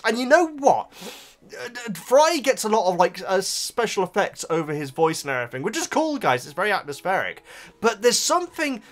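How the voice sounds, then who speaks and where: A young book vlogger from Oxfordshire, England, with a slight Bristolian accent, chats casually and at length to his viewers, addressing them as "guys." His voice is high-pitched and fairly bright, and his talk is rambling, frequently interrupted by laughter.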